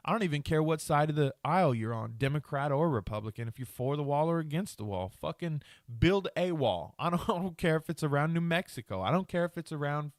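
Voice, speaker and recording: Recorded dry with clean studio quality, this man's fairly high voice carries an angry, profanity-filled solo podcast rant, rambling as he abandons sentences and starts them over.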